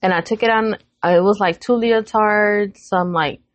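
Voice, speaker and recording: On a podcast, a woman in her thirties tells a family story at a moderate pace in a mid-range voice, with no room sound. As co-host she chats casually, swears frequently, and animatedly performs each person's words.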